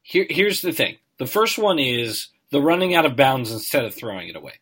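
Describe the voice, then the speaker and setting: A man's voice: mid-range voice, sing-song, a little fast, a bit bright, breathy edge. A man with a nasal voice co-hosting a sports podcast, analytical and hedging, often tagging "right?". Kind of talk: casual chat.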